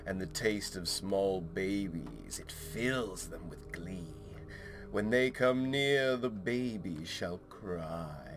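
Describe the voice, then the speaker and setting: A man putting on the voice of an ominous movie-trailer narrator, speaking slowly and hushed, sometimes sinking to a whisper. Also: lively intonation, over music, full character voice. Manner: slow, deep and hushed, sinking at times to a whisper.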